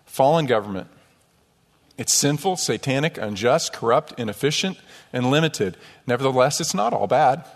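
A man's voice: mid-range voice, expressive, normal speed. Emphatic male pastor preaching in a reverberant church. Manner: storytelling, emphatic, rhetorical "right?" asides. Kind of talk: sermon. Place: church sanctuary. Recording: long hall reverb.

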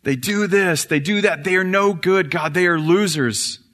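A man's voice: high voice, normal speed, fairly bright tone, pitched above the performer's own voice. A pastor voicing Satan as a contemptuous male devil who keeps accusing people before God. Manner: raised, accusing, insistent. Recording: reverberant church hall.

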